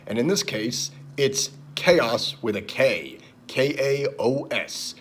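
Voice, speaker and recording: A man's voice: mid-range voice, husky. A young man talking casually on his vlog, telling jokes with lots of fillers and restarts. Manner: halting, many fillers and restarts, chuckles at own jokes. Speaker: vlogger.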